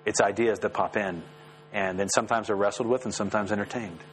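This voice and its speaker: A man preaching a sermon as pastor, lively and rising sharply in pitch when he voices the prayers. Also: fast talker, rough recording. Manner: animated, rises sharply when voicing prayers. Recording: faint mains hum.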